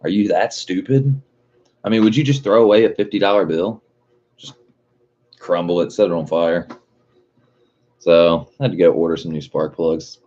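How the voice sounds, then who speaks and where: A man's voice: deep voice, fairly even intonation, moderate pace, long pauses, warm tone. A man hosting a livestream, chatting casually with lots of swearing and a loose, rambling manner. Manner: rambling, swears constantly, chuckles often. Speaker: livestream host. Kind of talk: casual profane livestream chat. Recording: dull lo-fi stream audio.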